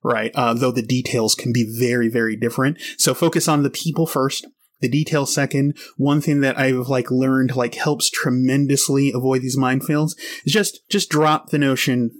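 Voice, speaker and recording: A man in a relaxed podcast conversation, talking loosely with frequent fillers and false starts. His pitch sits in the middle range for a man. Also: normal speed. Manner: rambling, many fillers and restarts. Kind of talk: casual podcast discussion.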